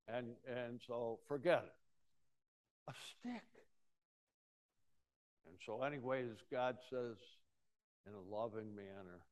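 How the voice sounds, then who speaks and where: A man preaching a folksy sermon, acting out Bible scenes with sudden swings from loud to hushed. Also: mid-range voice, takes it slowly, long pauses. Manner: folksy storytelling, acting out voices with big swings of loudness. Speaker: pastor.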